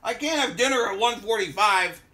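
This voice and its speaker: A man's voice: sits high, expressive, brisk, sharp tone, slightly rough. A man vlogging with his wife, joking, teasing and grumbling in casual family banter. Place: at home and outdoors on the street.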